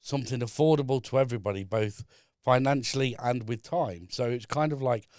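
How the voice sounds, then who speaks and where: Man, podcast guest, measured and explanatory, mid-pitched voice, dry close sound. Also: darkish tone, no room sound. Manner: measured, explaining step by step with many fillers. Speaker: podcast guest, business consultant. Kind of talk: casual chat. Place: podcast studio.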